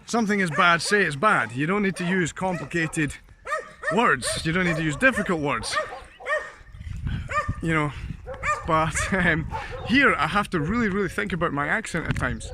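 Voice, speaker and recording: A man's voice: on the high side, lively intonation, moderate pace, pauses often, background noise. A man with a Scottish accent telling stories in a casual vlog, chatty and rambling, often laughing, outdoors beside a road. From Scotland. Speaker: vlogger.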